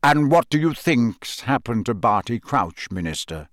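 A blunt, gruff older male wizard from a storybook with a growling voice, cutting in with short lines, voiced by a man reading aloud. The sound is dry and close. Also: medium pitch, very animated, a little slow, no room sound.

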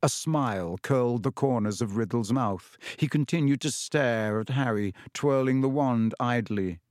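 Guy reading an audiobook, steady middle voice, dry close mic. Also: medium pitch, normal speed, no echo. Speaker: narrator.

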